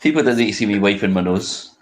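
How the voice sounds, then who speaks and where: Man, Glaswegian accent, lowish voice, dry teasing banter, podcast co-host. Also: lively intonation, fast talker, crowd noise. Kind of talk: casual podcast chat.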